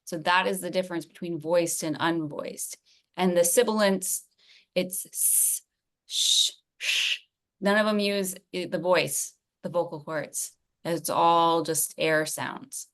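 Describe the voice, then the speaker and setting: A woman on a video call who gives a clear explanation of voiced and unvoiced sounds and demonstrates them. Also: fairly low pitch, steady tone, measured pace.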